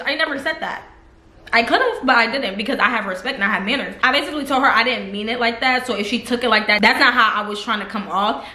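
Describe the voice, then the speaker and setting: A young woman tells a story in a blunt, sassy, slangy way at a quick pace. Her voice is bright and fairly high. The sound rings in a roomy space. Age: young adult. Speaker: vlogger. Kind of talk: storytime vlog.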